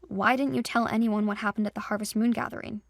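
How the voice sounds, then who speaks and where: A woman's voice: medium pitch, steady tone, fast talker, no echo, clean studio sound, lightly acted. A woman voicing a protective young male cousin who scolds like an annoyed older brother. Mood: gentle.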